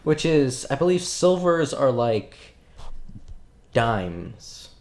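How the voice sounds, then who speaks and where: A man's voice: mid-range voice, big pitch swings, very slow, a little mellow. A man running a tabletop game as game master, narrating in a loose, laughing way full of fillers.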